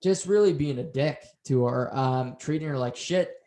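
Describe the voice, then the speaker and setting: A man's voice: mid-range voice, normal speed. A man co-hosting a podcast, casually recapping a TV episode and acting out the characters' lines as he tells it. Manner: animated storytelling, acts out quotes. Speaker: podcast co-host. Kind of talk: casual show recap chat. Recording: roomy echo.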